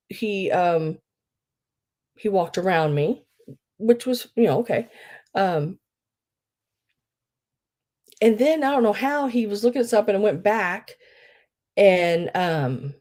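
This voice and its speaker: A woman's voice: on the low side, dark tone. A woman hosting a live online sale, telling rambling, chatty stories full of fillers. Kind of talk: casual live-sale chat.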